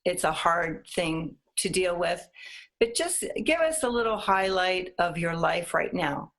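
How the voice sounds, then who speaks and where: A woman hosting an interview, asking questions with soft, supportive prompting. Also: fairly low pitch, expressive, measured pace. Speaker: host.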